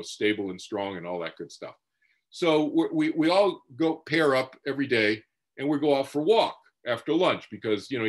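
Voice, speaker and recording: Man telling a personal story conversationally. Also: on the low side. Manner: conversational, many restarts and "you know" asides, rising and dropping with the story. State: moved to tears at points. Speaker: speaker on past-life memories and meditation teacher.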